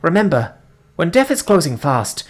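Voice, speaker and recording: A man's voice: on the high side, sing-song, moderate pace, pitched above the performer's own voice. A man voicing a ghostly woman spacer who is sympathetic but firm.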